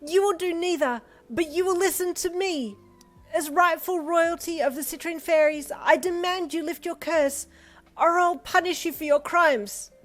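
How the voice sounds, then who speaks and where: Storybook role: a woman playing a young fairy royal, high and pleading, urgent. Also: steady tone, normal speed, soft background music. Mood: commanding. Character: shy young fairy princess, anxious but brave.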